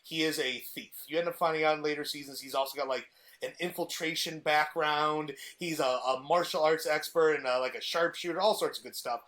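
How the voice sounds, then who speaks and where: A man's voice: fairly high pitch, steady tone, a little fast, fairly bright tone. A man in casual podcast chat, eagerly retelling a TV plot with frequent restarts. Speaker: podcast guest presenting a TV villain.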